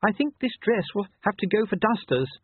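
A gentle, kind-hearted noblewoman speaks softly and tenderly in a high voice, as a man puts her on. The tone is a little husky and the sound is thin and dry. She is warm toward her husband. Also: sing-song, fairly quick, no room sound, full character voice. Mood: fond. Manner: soft, high, tender delivery. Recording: tinny phone-like dry sound.

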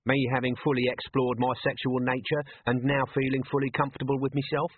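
A man's voice: mid-range voice, flat delivery, fairly quick, a little hiss or hum, pitched above the performer's own voice, close to an everyday voice. A man reading an audiobook voices a scruffy, cheeky male corporal with a chirpy manner. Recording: tinny phone-like line, dry.

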